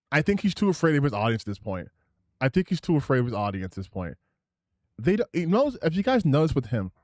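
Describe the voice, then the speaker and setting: A man's voice: fairly high pitch, a little mellow, no echo, studio quality. A man streaming a reaction video, talking casually with sarcasm and swearing as he comments.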